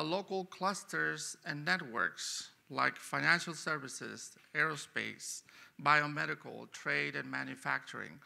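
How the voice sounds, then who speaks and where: A man lecturing on a stage at a university event, his voice very gravelly and edged with a sharp, tense brightness. He sits slightly high for a man and delivers his forecast in a lively, punchy way. He often leans hard on single words. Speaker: economics professor giving a forecast talk. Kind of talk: conference presentation.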